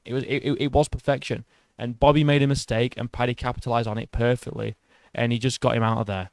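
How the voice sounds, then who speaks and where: Excitable swearing MMA vlogger man. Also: mid-range voice, quick pace, creaky, dry recording. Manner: excitable, swears a lot, restarts sentences. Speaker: MMA channel host. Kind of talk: casual fight commentary vlog.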